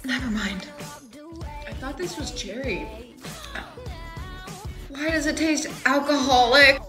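A woman's voice: sits high, slow pace, music in the background. A young woman acting out comedic POV skits with exaggerated, dramatic reactions. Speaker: skit creator.

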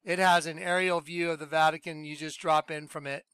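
Male host, high clear voice, emphatic, repeats himself. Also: brisk, no echo. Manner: emphatic, excitable, repeats points. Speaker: Christian video host. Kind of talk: excited religious commentary.

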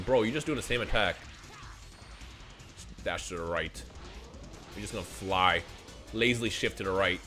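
Young man, gameplay commentary, excitable, joking, bright voice, quiet game music behind. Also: low-pitched, moderate pace, pauses often. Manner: excitable, joking, loud outbursts and slang. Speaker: gaming video creator.

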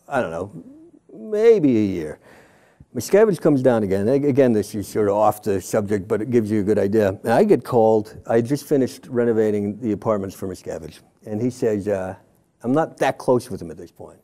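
Low, mellow-voiced middle-aged man. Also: animated, brisk. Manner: rambling, self-interrupting, quotes others in passing. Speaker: former church member interviewed as guest. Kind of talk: candid conversational storytelling.

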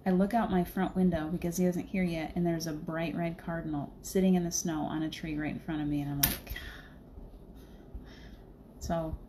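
A woman's voice: fairly low pitch, steady tone, fairly quick, hardly any pauses, noisy background. A middle-aged woman hosting a livestream, telling a spiritual story in a chatty way and laughing often. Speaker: livestream host. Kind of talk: casual spiritual chat.

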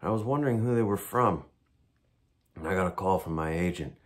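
A man performing a comic stage monologue, soft-spoken, deadpan and wry. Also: low voice, a little fast.

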